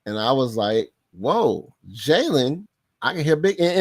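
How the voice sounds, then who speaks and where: A man's voice: medium pitch, animated, fast, dry recording, clean studio sound. A man hosting a live sports podcast, casual and slangy, laughing often and repeating himself for emphasis.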